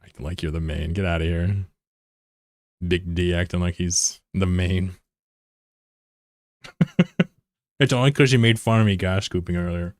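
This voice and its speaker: A man's voice: deep voice, unhurried, pauses often, dry recording, clean studio sound. A man live streaming and chatting casually with his viewers while he plays, laid-back, swearing freely and laughing easily. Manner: chats with viewers while playing a game. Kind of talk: casual livestream chat.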